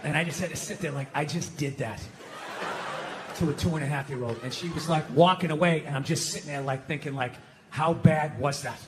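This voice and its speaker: A middle-aged man doing a stand-up routine, with loud, profane ranting and sudden shouts. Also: a little high, fast, noisy background. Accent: Boston. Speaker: stand-up comedian. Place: live comedy venue with audience laughter.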